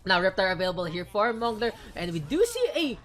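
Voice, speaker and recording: A woman from the Philippines doing quick, punning play-by-play commentary as an esports caster. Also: medium pitch, wildly swooping pitch, a crowd in the background.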